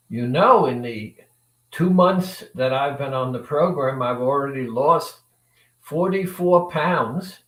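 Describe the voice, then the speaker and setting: A man's voice: medium pitch, reverberant, far from the mic, rough recording. A man coach telling a motivational story, acting out both sides of a conversation. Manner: acts out both sides of a dialogue with lively shifts. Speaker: weight-loss coach.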